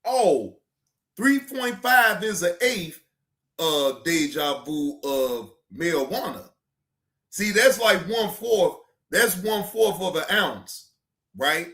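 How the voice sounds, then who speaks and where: A man's voice: high-pitched, animated, slow pace, fairly bright tone, echoey room. A man hosting a livestream in casual chat, rambling loosely with slang and swearing as he talks to his chat. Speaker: livestream reaction host.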